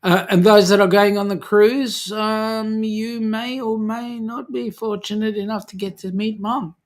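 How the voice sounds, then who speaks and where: A man with an Australian accent hosts a relaxed live chat and reads out viewer comments. He talks slowly, breaks his sentences with "um", and welcomes each viewer warmly by name. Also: high voice. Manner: slow, friendly, with many "um"s, greeting viewers by name. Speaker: livestream host reading viewer chat.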